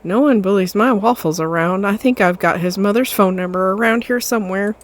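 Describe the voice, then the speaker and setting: A woman voicing a gentle, doting mother cat who speaks sweetly in a game. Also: mid-range voice, brisk, close to an everyday voice. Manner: sweet, affectionate, soothing. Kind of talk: game voice acting.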